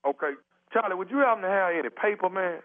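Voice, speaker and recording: A man playing a pushy grown man stuck numb on a toilet, begging and insisting in drawn-out slang on a prank phone call. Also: sits high, expressive. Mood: pleading. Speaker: prank caller. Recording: tinny phone line.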